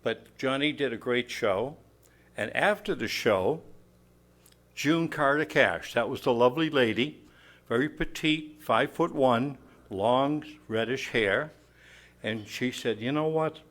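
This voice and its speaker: A man's voice: medium pitch, takes it slowly, a bit bright. A man, a celebrity impressionist, telling chatty stage anecdotes to the audience. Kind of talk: stage storytelling between impressions. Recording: guitar music behind. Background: guitar accompaniment.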